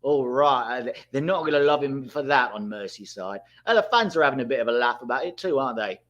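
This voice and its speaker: A man at medium pitch hosts a live broadcast of a match viewing. He talks casually and reacts loudly to decisive moments. He keeps addressing the viewers in the chat. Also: a little fast, muffled recording. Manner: excitable, bursts out at big moments, talks to chat. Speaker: host of a live watchalong.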